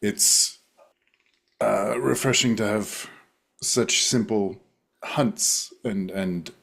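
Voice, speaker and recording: A man playing a character at a tabletop game, speaking in a hesitant, measured way. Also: lowish voice, creaky, a bit bright, slightly rough. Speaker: player. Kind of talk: in-character tabletop role-play.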